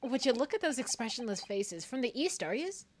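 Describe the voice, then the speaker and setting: A woman's voice: a little high, sing-song, a little fast, slight background noise. A woman hamming up a jolly Victorian Irishman. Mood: jovial. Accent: mock Irish. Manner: hammy, sing-song, exaggerated brogue. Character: boisterous Victorian Irishman, generous and folksy. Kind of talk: reading game dialogue aloud.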